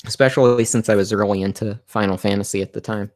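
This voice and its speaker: Male livestream host, low-pitched and hoarse, halting delivery, dry close recording. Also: fairly even intonation, darkish tone, no room sound. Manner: halting, many fillers and restarts. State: losing his voice. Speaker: livestream host answering viewer questions. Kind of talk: casual livestream chat.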